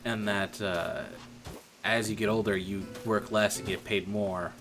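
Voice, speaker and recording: A man's voice: fairly low pitch, steady tone, unhurried, gravelly. A young man telling a rambling, profane story about an old coworker in a casual stream chat. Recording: music playing behind.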